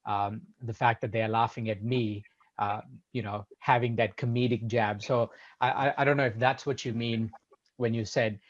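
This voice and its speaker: A man's voice: mid-range voice, fairly even intonation. Podcast host guy, careful and hedgy, lots of uh's, kinda muffled lo-fi sound. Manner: measured, hedging, with many restarts and fillers. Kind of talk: casual conversation.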